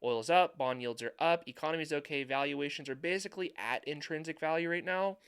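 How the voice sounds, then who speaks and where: A man's voice: fairly high pitch, a little fast, fairly bright tone, smooth. A young adult man giving market commentary over charts, emphatic and repeating points for stress. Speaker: finance YouTuber.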